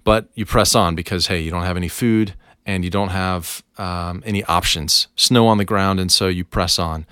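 A man hosting a devotional podcast, telling a personal story in a relaxed, conversational way. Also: low-pitched, normal speed, hardly any pauses, smooth, no room sound, studio quality.

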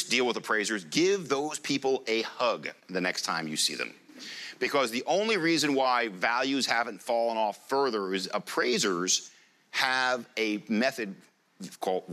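A man giving a live presentation to an audience, joking and quizzing the room as he talks. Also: fairly low pitch. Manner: jokey, lively presenter. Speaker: conference speaker.

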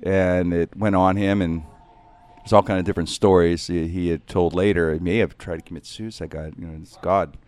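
A man's voice: sits low, fairly even intonation, normal speed, darkish tone, clean tone. A man, a comedian, talking in a casual interview, rambling and reflective, often saying "man.".

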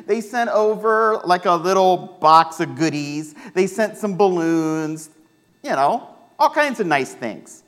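A male pastor with a Midwestern American accent, preaching a sermon and telling a personal story with lively, acted-out quotes. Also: sits high, slow pace. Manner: animated storytelling, acts out voices in quotes.

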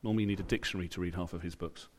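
A British man with a lowish voice preaches to his church. He keeps it chatty, drops in asides and acts out the lines he quotes. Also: fairly even intonation, very fast. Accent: British English. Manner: conversational, with asides and acted-out quotes. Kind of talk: sermon.

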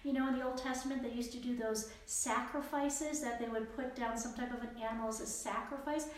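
A woman teaches a casual Bible study in an earnest, chatty way, restarting her sentences often. Her fairly high voice rings through a very echoey room, and a faint background noise runs under it. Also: fairly even intonation, a little fast. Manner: earnest, conversational, many fillers and restarts.

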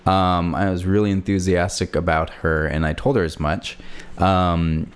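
A man's voice: sits low, smooth. A man hosting a casual podcast from his apartment, rambling with lots of fillers and self-deprecating asides. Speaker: podcast host. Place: hot apartment with a fan running.

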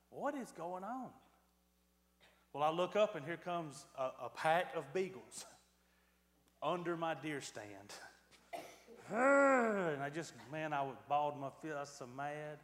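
A high-voiced man preaches, building from quiet lines to loud, animated bursts. His voice rings through a large, echoey hall with a long reverb. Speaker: pastor. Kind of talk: sermon with a personal story.

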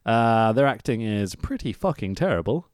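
A man's voice: lowish voice, big pitch swings, normal speed, clean tone, no room sound, clean studio sound. A man co-hosting a casual podcast, swearing, laughing and acting out quotes as he reviews old wrestling shows. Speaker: podcast co-host.

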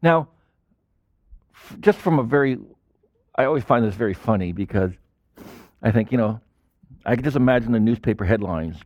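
Animated man preaching a sermon. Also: mid-range voice, normal speed, pauses often, no room sound, highs cut off. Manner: animated preaching with sudden loud bursts and quiet drops. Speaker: pastor.

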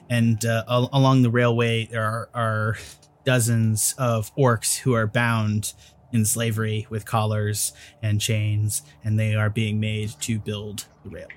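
A man's voice: fairly low pitch, a little hiss or hum. A man narrating as game master of a tabletop game, casual and loose, with profanity and many fillers.

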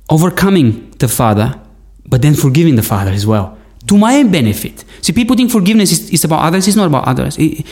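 A man's voice: on the high side, a little mellow. A man sharing an emotional personal story in an earnest, searching way, with many restarts. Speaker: guest.

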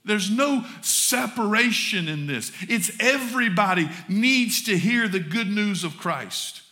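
A Southern US pastor speaks directly to his congregation as y'all, delivering a folksy sermon from the pulpit in a church sanctuary. He takes it slowly, his high voice sharp in tone with lively intonation.

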